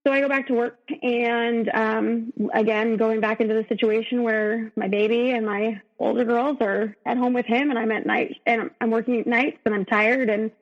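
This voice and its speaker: A woman's voice: on the high side, fairly even intonation, moderate pace, few pauses. Emotional woman telling her story, muffled. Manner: emotional, with many fillers and restarts. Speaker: podcast guest. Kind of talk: personal storytelling.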